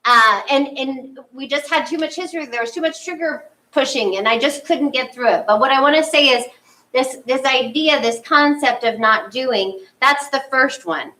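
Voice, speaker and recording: Woman spiritual leader, fairly high, bright voice; chatty sermon with acted-out asides, distant mic. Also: normal speed. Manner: animated, acts out her own inner thoughts. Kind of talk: conversational sermon.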